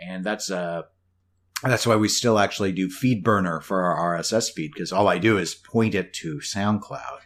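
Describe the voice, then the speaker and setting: A man's voice: low-pitched, normal speed. A man co-hosting a laid-back podcast, chatting at length in a rambling way. He drops wry asides and often restarts his sentences. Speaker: podcast co-host. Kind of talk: casual podcast chat.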